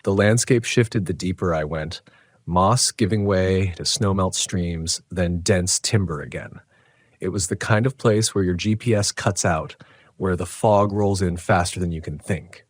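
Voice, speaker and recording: A man with a very deep, low voice reading a scripted horror story, measured and tense. The sound is dry and close-miked, with no room at all. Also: no echo. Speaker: narrator.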